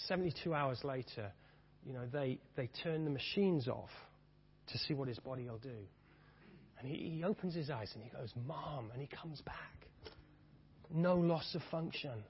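A man's voice: sits high, husky. A man preaching a sermon with fervent, rising and falling delivery, repeating his key phrases. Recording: dull reverberant hall sound.

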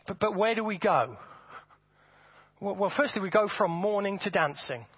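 A man preaching a sermon to his congregation, animated and often repeating words as he builds his points. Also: high-pitched, moderate pace, slightly rough, no echo. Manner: animated, repeats words, acts out voices for effect. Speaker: pastor. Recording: dull, dry sound.

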